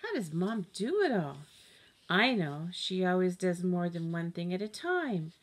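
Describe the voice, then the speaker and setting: Lady reading a kids' picture book out loud, lowish voice, lively and expressive. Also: measured pace. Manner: expressive, animated storytelling. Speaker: storybook reader.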